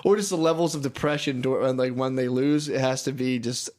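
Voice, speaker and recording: A young man with a middle-pitched voice jokes and banters crudely, sometimes slipping into put-on voices. He talks casually as a podcast co-host. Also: fairly even intonation, a little fast, darkish tone. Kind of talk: casual chat.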